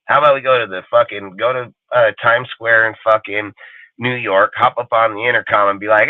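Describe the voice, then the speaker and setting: A man's voice: lowish voice, steady tone, a little fast, no echo. A man hosting a live show, ranting angrily and swearing constantly, mocking other people's voices. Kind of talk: profane ranting live stream. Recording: tinny phone-like dry sound.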